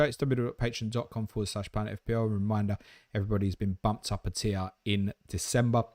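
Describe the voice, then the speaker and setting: A man's voice: fairly low pitch, fairly even intonation, fast, darkish tone, no echo, clean studio sound. A man hosting a live question-and-answer stream, talking in blunt, matey banter with some swearing. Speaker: host.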